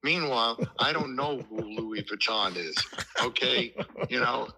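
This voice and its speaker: Bright, gravelly older man telling stories. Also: medium pitch, unhurried, poor audio. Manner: animated anecdotes, acts out quoted voices. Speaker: interview guest, musician. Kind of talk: casual storytelling interview.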